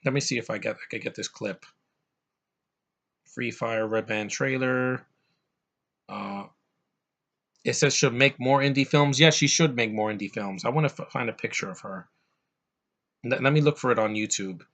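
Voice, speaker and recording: In a middling-pitched, fairly bright voice, a man rambles through a casual, profane movie review at a moderate pace, pausing often. He lurches between heated outbursts and muttered asides.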